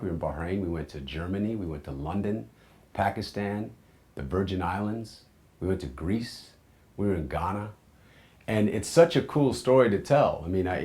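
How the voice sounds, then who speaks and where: A man in his forties with a very low, deep voice tells his own life story. He speaks candidly and reflectively, and often sinks into quiet, low asides. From United States. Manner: earnest, candid, drops into soft low asides.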